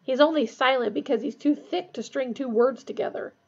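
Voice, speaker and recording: Easygoing teenage lad done by a woman, impatient, raspy, lo-fi. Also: sits high, animated, brisk, a little mellow, heavily acted. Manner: impatient, offhand.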